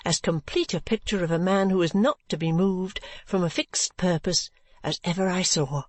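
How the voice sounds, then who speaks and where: An audiobook reader narrating a classic novel in an even, measured way. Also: mid-range voice, no room sound.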